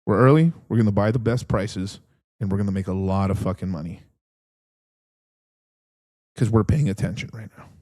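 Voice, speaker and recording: A young man hosting a crypto livestream in a casual, rambling chat, swearing constantly and getting excitable as he talks. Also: lowish voice, normal speed, pauses often. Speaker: crypto stream host.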